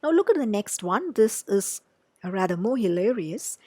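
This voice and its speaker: A woman's voice: medium pitch, very animated, normal speed, a little mellow, no echo. A woman with an Indian English accent, lecturing patiently and reading example sentences aloud with emphasis. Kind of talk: explaining examples in a recorded lecture.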